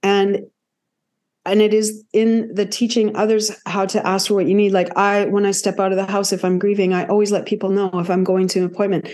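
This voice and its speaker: A woman's voice: mid-range voice, flat delivery, fairly quick, a little mellow. A woman guest on a podcast, a grief expert with a cough, speaking reflectively and repeating phrases for emphasis. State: has a cough. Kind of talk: casual podcast conversation.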